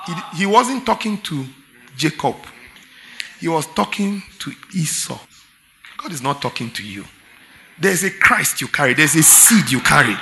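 A man's voice: fairly high pitch, bright, forceful tone, slight background noise. A Nigerian man preaching a sermon as pastor, emphatic and full of rhetorical questions to his congregation.

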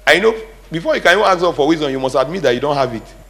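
This pastor, a middle-aged man, speaks rapid-fire in a slightly high, gravelly voice with a fairly bright tone and lots of expression. His sermon poses questions to the congregation and climbs toward forceful repetition, call-and-response fashion.

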